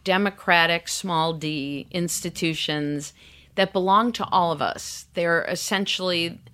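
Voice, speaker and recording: A woman's voice: lowish voice, unhurried, pushed and bright. A woman author as an interview guest, speaking thoughtfully and trailing into asides. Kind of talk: conversational interview.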